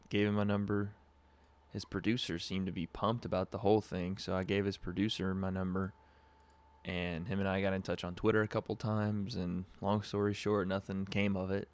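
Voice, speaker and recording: Brief: young male podcast host from SoCal, deep monotone, relaxed rambling storyteller, webcam audio. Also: normal speed, smooth. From Southern California. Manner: laid-back, rambling with frequent fillers and laughs. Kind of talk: casual livestream storytelling.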